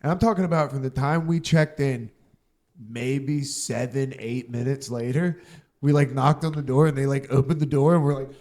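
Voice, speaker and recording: A man's voice: mid-range voice, steady tone, moderate pace, a little mellow. A man hosting a comedy podcast, bantering casually with jokes, laughter and swearing. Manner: joking, laughing, profane.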